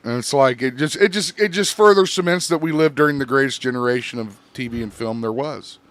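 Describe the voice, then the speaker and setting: A man's voice: mid-range voice, a little fast. A man hosting a podcast, chatting loosely and swearing a lot as he runs through the week's news. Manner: loose, profane, rambling. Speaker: podcast host. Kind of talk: casual chat.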